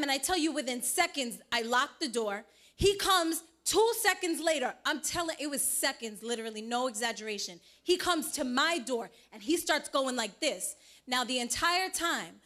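A woman shares her testimony in church with a high, bright voice. She tells the story in an animated way, acting out what others said. Her voice stays clear and forward. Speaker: church member giving testimony. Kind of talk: personal testimony.

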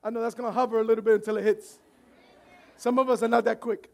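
A man preaching a sermon as pastor, animated, often shouting and laughing while acting out voices from the story. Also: very high voice, fast, gravelly.

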